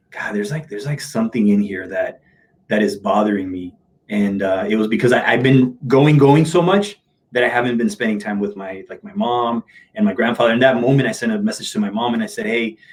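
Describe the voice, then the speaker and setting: A middle-aged man, a motivational speaker, speaking openly and emotionally in an interview, telling personal stories in casual slang. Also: fairly low pitch. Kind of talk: candid interview talk.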